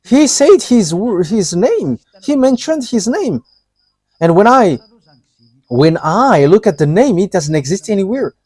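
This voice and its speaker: A man preaching a live sermon, talking in short, halting, broken phrases. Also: sits high, very animated, a little mellow, slightly rough, no echo.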